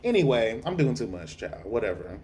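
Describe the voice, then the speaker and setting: A man's voice: medium pitch, big pitch swings, a little fast, darkish tone, slight background noise. Sassy, tired male TV reviewer. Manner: sassy, profane, gossipy. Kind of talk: casual review vlog. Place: dark room at home.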